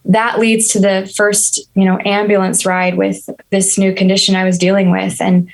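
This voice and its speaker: A woman in her thirties speaks as a podcast guest, recounting a personal ordeal with earnest, reflective candor. Her pitch sits in a middle register and stays fairly level, with little rise and fall. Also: moderate pace, rough recording. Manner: earnest, reflective, steady and even-toned. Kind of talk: candid personal storytelling.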